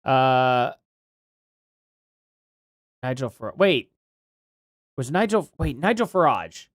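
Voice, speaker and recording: A man's voice: medium pitch, big pitch swings, slow, no echo, clean studio sound. A male live-stream host chatting casually, thinking aloud and rambling with questions to himself and his chat.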